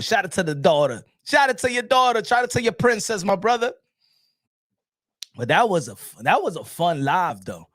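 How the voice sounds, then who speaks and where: A man hosting a casual boxing live stream, animated and laughing, often repeating himself and switching between languages. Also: high voice, normal speed, no echo, studio quality.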